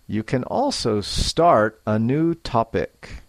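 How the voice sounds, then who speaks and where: A man teaching English in a scripted lesson, speaking clearly and acting out example sentences to show intonation. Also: medium pitch, expressive, slow pace, no room sound. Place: Japan.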